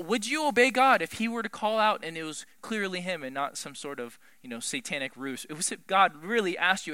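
Male preacher, animated and emphatic sermon delivery, bright sharp tone, dry close sound. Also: high-pitched, fairly quick, hardly any pauses, clear, resonant tone, no room sound. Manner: animated, emphatic, swings from loud to hushed.

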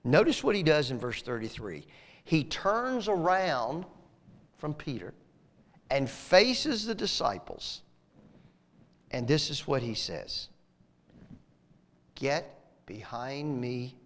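Lively preaching man with reverb. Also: fairly high pitch, slow pace, pauses often. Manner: animated, swings from emphatic to near whisper. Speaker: pastor. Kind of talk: sermon.

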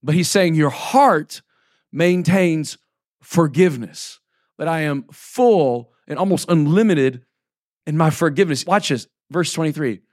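Preaching a sermon loosely and conversationally, a pastor in his forties reads scripture aloud between plain asides and keeps checking in with "right?" and "okay?". His voice is a little high and a little mellow, animated but unhurried. The sound is dry and clean, like a studio.

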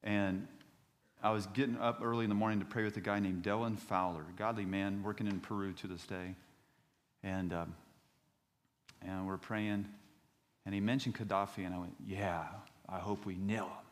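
A man in his fifties, a pastor preaching a sermon in a church, telling stories and rising to loud outbursts when he reads scripture. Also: on the low side, moderate pace, pauses often, in a large hall. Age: 50s. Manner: animated storytelling preacher, voice rising to shouts on scripture.

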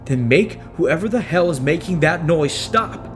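A man voicing a volatile male space-station worker, shouting in fury and strain. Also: fairly high pitch, animated, a little slow, soft background music, pitched above the performer's own voice. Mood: angry, strained. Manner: shouting, furious, harrowed.

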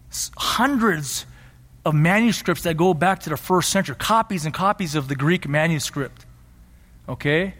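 Man, pastor, sermon, earnest and emphatic, high-pitched, church hall echo. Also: fairly bright tone. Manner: earnest teaching, rising to emphatic passion. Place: church sanctuary. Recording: long hall reverb.

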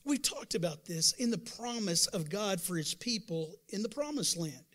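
High-voiced man preaching a lively sermon. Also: normal speed. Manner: emphatic preaching with sudden loud bursts and calls to the congregation; conversational, acts out doubters' voices. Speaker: pastor.

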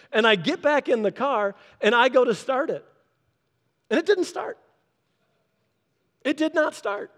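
High-voiced man telling a story in a sermon. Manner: animated storytelling, acting out quotes in changed voices. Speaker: pastor. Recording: long hall reverb.

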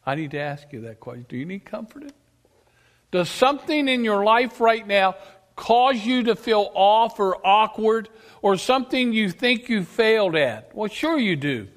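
A male preacher delivering an emphatic sermon, asking his congregation questions and swinging between loud declarations and quiet asides. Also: sits high, big pitch swings, unhurried. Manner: emphatic, rises and drops sharply, asks the congregation questions. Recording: long reverb of a church hall.

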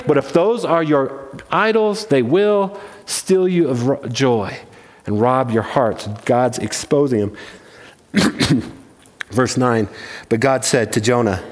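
A man with a slightly high voice delivers an earnest, emphatic sermon as pastor. He often restarts his phrases while pressing his points. His voice rings with the long reverb of a church hall.

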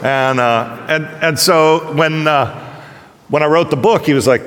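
A man preaching a casual, humorous sermon, telling stories in a loose, animated way. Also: fairly high pitch, measured pace. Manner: conversational, joking, animated storytelling. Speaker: pastor. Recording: long hall reverb.

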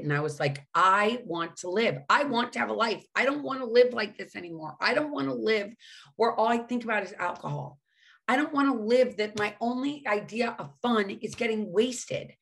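A woman's voice: medium pitch, creaky, a bit bright. A middle-aged woman speaking frankly and emotionally about her past, with swearing and self-mockery. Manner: says she cannot sing. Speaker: recovering alcoholic sharing her story. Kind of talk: candid personal monologue.

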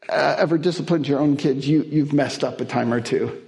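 As a guest preacher, a man delivers a sermon that blends family stories and humor with Bible verses, chuckling along the way and building to emphatic peaks. His voice is on the high side, creaky, and a little mellow, and he speaks a little fast.

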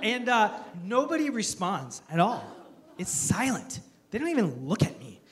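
High-voiced man preaching a sermon. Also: moderate pace. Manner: lively storytelling with self-mocking humor; earnest, building emphasis. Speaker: pastor.

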